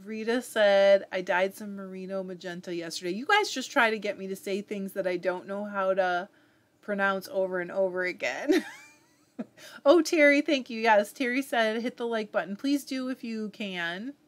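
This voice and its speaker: A chatty woman with a Southern US lilt hosts a casual live stream. She reads out viewers' comments and answers them, often laughing as she goes. Her voice sits at an ordinary middle pitch. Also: moderate pace. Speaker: host of a live fiber arts stream.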